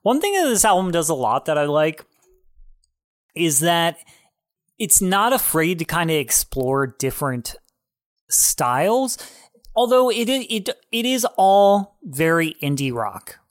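A man's voice: fairly high pitch, big pitch swings, measured pace, no room sound, clean studio sound. Laid-back opinionated young man. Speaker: podcast co-host. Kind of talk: casual chat.

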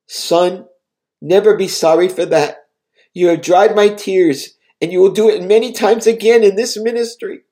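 A man's voice: high-pitched, normal speed, dark tone, voice pushed up, natural voice. A man reading a tender, fatherly God.

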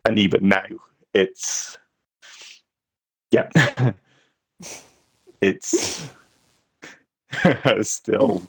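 A man of thirty-nine co-hosting a casual podcast chat, talking in a halting, rueful way. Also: on the low side, big pitch swings, vocal fry, fairly bright tone, husky, dry recording. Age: 30s. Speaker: podcast co-host.

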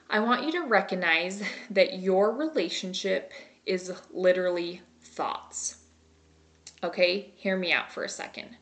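A woman's voice: medium pitch, fairly bright tone. A woman in her thirties, a marriage coach teaching solo on a podcast, talking in a chatty way and acting out her own thoughts.

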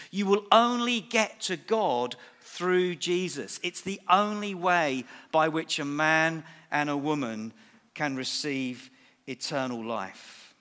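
A man's voice: high voice, lively intonation, measured pace, pushed and bright. A middle-aged man preaching a sermon at a church service, emphatic and repeating key phrases for weight. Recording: reverberant church hall.

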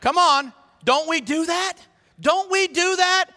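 A male pastor preaching a sermon in an animated, rallying way, repeating phrases. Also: extremely high pitch, slow pace. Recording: reverberant hall.

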